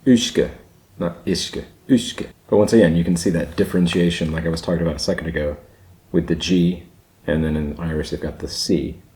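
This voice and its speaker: A man's voice: low voice, little pitch movement, quick pace, warm tone, roomy sound, poor audio. A man hosting a reaction video, thinking aloud with fillers and repeating words as he tries saying them. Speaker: channel host reacting to a video. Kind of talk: casual reaction commentary.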